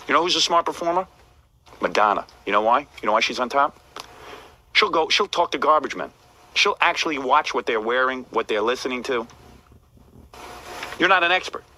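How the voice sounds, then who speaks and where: A man's voice: medium pitch, animated, normal speed, long pauses, pushed and bright, rough recording. A man hosting a radio show, lecturing a staff member in a blunt, repetitive way.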